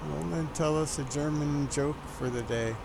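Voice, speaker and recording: A man's voice: a little high, steady tone, moderate pace, gravelly, background noise. A man streaming a flight simulator, chatting casually and teasingly with a voice assistant.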